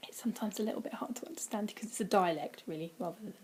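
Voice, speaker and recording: A woman chatting casually from home in a vlog, rambling with many ums and dropping into quiet, breathy asides. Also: medium pitch, racing, in a whisper. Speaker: vlogger. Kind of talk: casual weight-loss vlog. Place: indoors at home, by a window.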